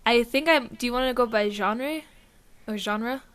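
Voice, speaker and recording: A woman chats loosely on a podcast in a bright, slightly high voice. She laughs a lot and swears offhandedly. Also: normal speed, smooth. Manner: laughs often, swears casually. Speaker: podcast co-host. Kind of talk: casual chat.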